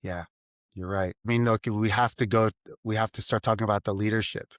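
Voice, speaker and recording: A middle-aged man with a low voice, talking in a dry, close-miked podcast recording. He is a math teacher who tells classroom stories in an animated way and acts out his students in high voices. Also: fairly quick, dry recording. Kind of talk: casual interview conversation.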